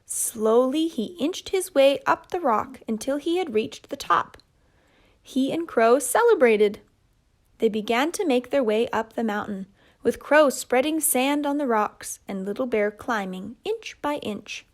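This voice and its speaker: A woman telling a children's puppet story in a gentle, measured way. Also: sits high, lively intonation.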